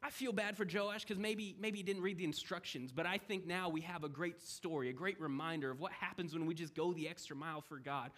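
A young man preaching a sermon, animated and conversational, swinging between loud emphasis and hushed asides as he acts out the voices in the story. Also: fairly high pitch, fairly quick, hardly any pauses.

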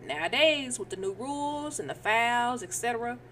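A woman's voice: a little high, animated, normal speed, a bit bright, a little hiss or hum. A woman co-hosting a podcast, talking emphatically and opinionated, often checking if she's understood. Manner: emphatic and opinionated, keeps asking "you know what I'm saying". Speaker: podcast co-host. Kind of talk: casual podcast chat.

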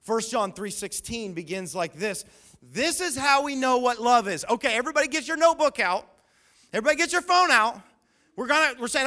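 A man preaching as pastor, playful and punchy, slowing down for emphatic repeated lines. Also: very high voice, pushed and bright. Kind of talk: sermon.

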